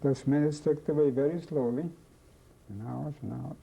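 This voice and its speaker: An older man from Czechoslovakia, telling his life story in an oral history testimony, halting and slow, repeating phrases as he remembers. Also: mid-range voice, creaky, warm tone, breathy edge. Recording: dull lo-fi recording, faint hiss.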